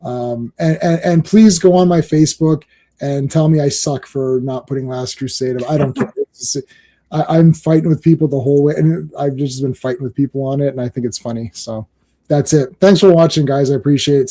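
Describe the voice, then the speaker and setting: A man's voice: medium pitch, brisk, warm tone. A man hosting a live stream in casual chat, rambling, laughing often and swearing freely. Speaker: streaming show host.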